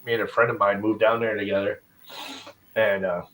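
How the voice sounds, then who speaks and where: Man, guest on a video call, low voice, joking, laughing storyteller. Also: little pitch movement, a little fast, a bit bright, rough recording. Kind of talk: casual video call chat.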